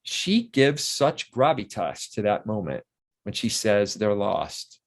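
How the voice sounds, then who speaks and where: A man's voice: on the low side, big pitch swings, unhurried. A man in his sixties, an interview guest and actor, telling long, rambling anecdotes full of restarts.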